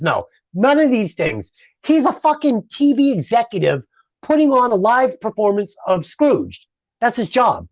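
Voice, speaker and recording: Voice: medium pitch, measured pace, dry recording, muffled recording. A podcast co-host in a casual movie review chat, swearing freely and ranting with lots of heat. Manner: profane, ranting, animated.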